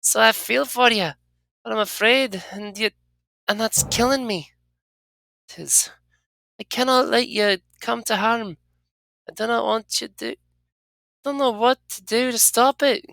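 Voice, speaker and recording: A player voicing a prickly young tiefling woman, gruff and defensive. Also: medium pitch, measured pace, pauses often, sharp tone, a little hiss or hum, pitched above the performer's own voice. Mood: worried. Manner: gruff, defensive, inverted word order. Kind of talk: reading game dialogue aloud.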